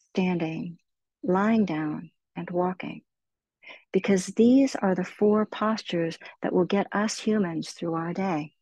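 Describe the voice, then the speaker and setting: A middle-aged woman teaching meditation, guiding listeners slowly and soothingly through body, breath and heart. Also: fairly low pitch, no echo, poor audio. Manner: slow, soothing, gently encouraging. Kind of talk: guided meditation talk.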